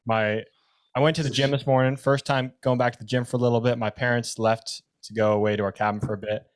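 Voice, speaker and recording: A young man co-hosting a casual chat, reacting quickly and chattily, with slang and the odd swear. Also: medium pitch, level tone. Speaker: podcast co-host.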